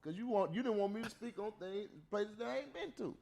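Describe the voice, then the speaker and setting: A man's voice: sits high, expressive, creaky, dark tone. A man co-hosting a comedy podcast, firing back defensive jokes at the host. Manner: defensive, quick comebacks.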